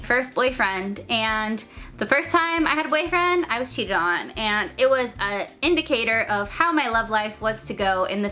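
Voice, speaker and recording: A young woman telling a personal story in casual chat, talking fast with lots of "like" fillers. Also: fairly high pitch, pushed and bright. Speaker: storyteller vlogger.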